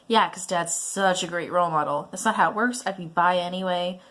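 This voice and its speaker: A woman's voice: on the low side, fairly even intonation, a little fast, a bit bright, lightly acted. A woman voicing a defiant, sarcastic teenage son in a browser game, exasperated with his parents.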